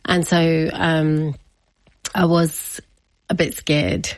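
A woman's voice: low-pitched, little pitch movement, very slow, no room sound. A woman, telling her family story as an interview guest, chatty and often laughing. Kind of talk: personal storytelling.

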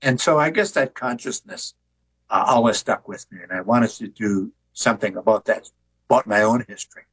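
An older man, an author and artist, talking in an interview with a relaxed, joking storytelling manner. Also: lowish voice, moderate pace, husky, poor audio. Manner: relaxed storyteller who jokes.

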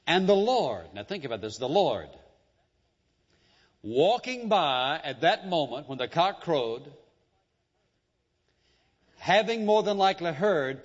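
A man delivering a church sermon in a dramatic, emphatic style, dropping to hushed tones and then rising on key words. His voice rings out with a long hall reverb. The recording itself sounds dull and muffled. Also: on the high side, very animated, unhurried, long pauses. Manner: emphatic, dramatic preaching with sudden shifts in loudness and pace. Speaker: preacher.

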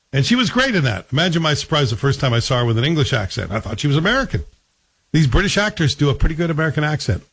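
A man's voice: medium pitch, breathy edge. A man talking casually to the viewer as he reviews a TV series, chatty and wry, with asides. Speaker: TV show reviewer.

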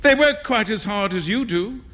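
A man reading a story aloud, voicing a kind-hearted, good-natured young gentleman who speaks earnestly. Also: sits high, lively intonation, moderate pace, pitched above the performer's own voice.

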